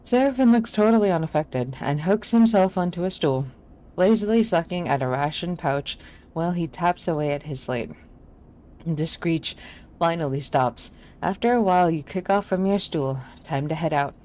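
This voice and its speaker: A woman's voice: lowish voice, lively intonation, moderate pace, a little mellow. A woman streaming a game, casual and self-deprecating, reading the story text aloud.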